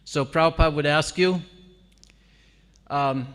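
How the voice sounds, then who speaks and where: This devotional talk comes from a man whose voice is fairly high, bright, forceful, and smooth, moving at a measured pace. He addresses a gathering with animated exclamations and ready laughter, his voice echoing long in a temple hall.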